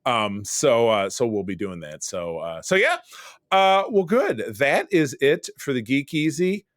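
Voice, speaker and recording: A man's voice: mid-range voice, very animated, unhurried, no echo. Male host, rambling conversational delivery, dry close recording. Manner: rambling, chatty show recaps. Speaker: podcast host. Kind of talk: casual chat.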